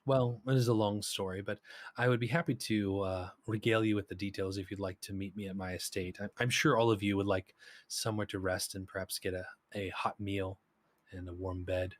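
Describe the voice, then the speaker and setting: A man's voice: on the low side, fairly even intonation, a little fast, no echo, natural voice. A man voicing a gracious, hooded noblewoman who speaks with polite formality.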